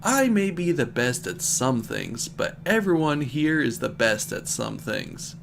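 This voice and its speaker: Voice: medium pitch, sing-song, measured pace, creaky, a little hiss or hum. A streamer reading as a cheery teen hedgehog boy. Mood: earnest. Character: boastful teen hedgehog hero, male.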